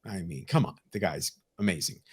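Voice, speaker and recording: A man with a low, husky voice talks fairly quickly as co-host of a casual podcast about comic book collecting. He's enthusiastic, trading lively collector banter.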